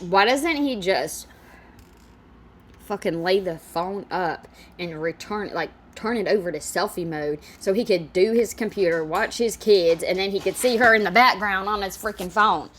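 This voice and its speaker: A woman's voice: mid-range voice, moderate pace, a bit bright, slight background noise. A woman giving casual reaction commentary on a video, exasperated, profane and rambling.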